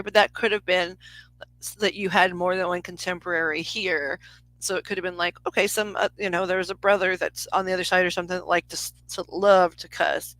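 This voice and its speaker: A woman in her forties talks a caller through a live psychic reading. She rambles, restarts her sentences and fills the gaps with "like" and "um". Her voice is bright and forward, and the recording is dry and close. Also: lowish voice, no echo, rough recording. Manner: rambling, self-interrupting, lots of fillers. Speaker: psychic reader. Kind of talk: live reading on a phone call.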